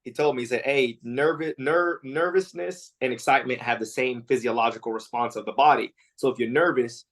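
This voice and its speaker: Speaking a little fast in a mid-range voice, an MMA fighter chats casually as an interview guest. He acts out quotes as he tells animated stories, with plenty of fillers and restarts along the way.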